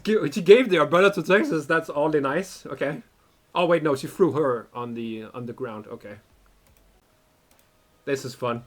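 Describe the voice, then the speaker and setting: Excitable young man cursing at a game. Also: fairly high pitch, moderate pace, long pauses. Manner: excitable, swears often, says "bro". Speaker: gaming video creator. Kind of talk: casual reactive game commentary.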